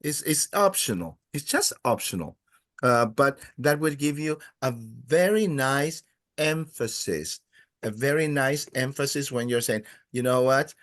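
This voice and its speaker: A man teaching a beginner Spanish class. He is patient and encouraging, and he speaks haltingly with many "uh" fillers. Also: mid-range voice, expressive, fairly bright tone.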